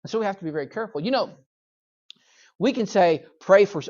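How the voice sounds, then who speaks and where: A man's voice: sits high, animated, fast, a little mellow, dull audio. A male pastor leading a Bible study in church, talking conversationally, often checking in with "okay?" and briefly acting out voices. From United States.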